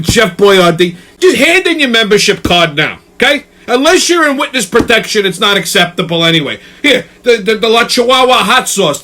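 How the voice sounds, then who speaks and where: High-voiced ranting male host. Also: pushed and bright. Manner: profane, exasperated, keeps tagging "okay?". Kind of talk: ranting comedic commentary.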